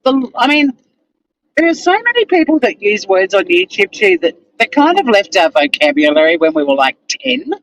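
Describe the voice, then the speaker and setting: Her voice is medium-pitched with big swings in pitch, delivered at a moderate pace on a rough recording. This woman is a streamer answering viewer comments in relaxed livestream chat. She rants bluntly and with exasperation, swearing plenty and laughing frequently.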